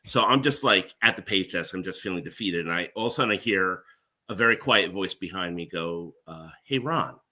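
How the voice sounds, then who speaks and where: A middle-aged man, a guest and former page, telling stories in a casual, animated way and laughing often. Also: deep voice, brisk. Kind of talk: casual storytelling.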